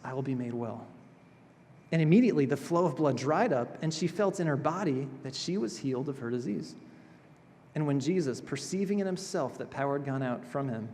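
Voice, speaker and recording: A male pastor delivering a sermon in a chapel, expressive, moving between emphatic passages and hushed, gentle ones. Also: medium pitch. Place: chapel sanctuary. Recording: reverberant chapel hall.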